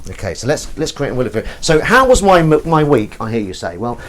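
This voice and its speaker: A man's voice: medium pitch, big pitch swings, brisk, a little hiss or hum. Young guy chatting away while doing the washing up, voice bouncing up and down, bit of dish clinking in the back. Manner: chatty rambling anecdotes with fillers and self-asides. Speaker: host of a washing-up livestream. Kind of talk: casual chat while washing dishes.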